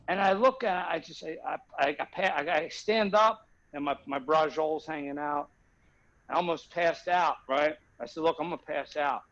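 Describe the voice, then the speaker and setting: A man's voice: on the high side, moderate pace, fairly bright tone, highs cut off. A man telling a rambling comic story on a video call, often asking if the listener follows him. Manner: rambling, keeps asking "you know what I mean?". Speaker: guest comedian.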